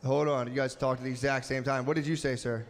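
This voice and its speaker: A man's voice: mid-range voice, level tone, fast, a little hiss or hum. A man doing crude stand-up crowd work on a club stage, brash and profane, laughing at his own jokes.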